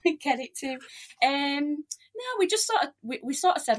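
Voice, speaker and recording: A middle-aged woman from Leeds with a strong Yorkshire accent, chatting quickly and cheerfully as a podcast guest. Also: high voice, expressive. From Leeds, West Yorkshire, England. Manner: quick-talking, chatty, laughs often. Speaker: podcast guest, relocation agent. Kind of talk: casual interview chat.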